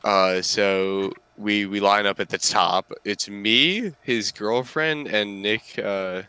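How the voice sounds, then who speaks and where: Young man, low voice, bright, smooth, casual, dry humor. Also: takes it slowly, no echo. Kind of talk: casual chat.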